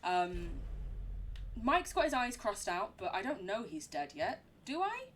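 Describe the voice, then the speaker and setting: A woman's voice: mid-range voice, sing-song, unhurried, a bit bright, slight background noise. A young woman streaming a horror game, chatting in a giggly, rambling way. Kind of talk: live game commentary.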